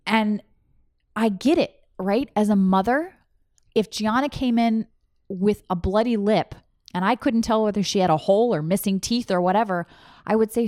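A woman in her thirties tells a personal story with raw candor, cursing often as she goes. Her voice sits at a middle pitch, and the sound is dry and close with little room echo. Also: normal speed, darkish tone. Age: 30s. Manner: candid, emotional, swears freely.

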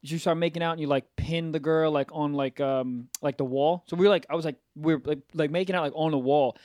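Profane, animated young man. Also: fairly high pitch, fast, no echo, clean studio sound. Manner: profane, animated storytelling with impressions. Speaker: podcast co-host. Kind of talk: casual chat.

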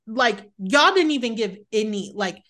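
Emphatic woman with a slightly high voice. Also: expressive, a little slow, sharp tone. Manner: emphatic, repeats points for effect. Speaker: podcast guest host. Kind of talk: casual gossip chat.

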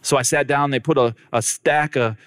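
A man's voice: medium pitch, steady tone, moderate pace, a bit bright, clean tone, dry recording. Man telling his testimony in a dry room. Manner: dramatic storyteller who acts out the dialogue; speaks directly to the crowd. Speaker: speaker giving a personal testimony. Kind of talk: testimony storytelling to an audience.

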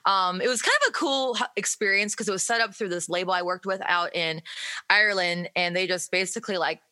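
Bright, chatty American woman. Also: mid-range voice, a little fast. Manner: chatty, laughs often, many fillers. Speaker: musician guest. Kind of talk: casual interview chat.

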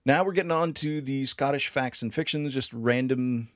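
A man's voice: medium pitch, moderate pace, dry recording, studio quality. A man co-hosting a casual history podcast, joking and swearing as he explains. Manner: profane, jokey, laughs often. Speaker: podcast co-host.

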